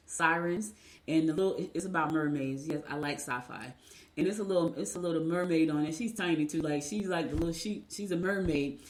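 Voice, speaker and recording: A woman radio host reading daily horoscopes and chatting casually, rambling and laughing as she tells stories. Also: low-pitched. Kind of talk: casual chat.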